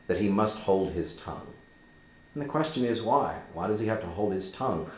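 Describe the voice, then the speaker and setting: A male teacher explains a text in a low voice. His pitch rises and falls in a lively way, and he asks rhetorical questions as he goes. The room sounds echoey. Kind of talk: literature lesson commentary.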